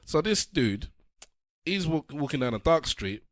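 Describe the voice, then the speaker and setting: A man's voice: on the high side, a little slow, no room sound, studio quality. A man hosting a podcast, chatting casually and acting out voices as he tells stories. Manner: animated storytelling, acting out voices. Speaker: podcast host. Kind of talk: casual chat.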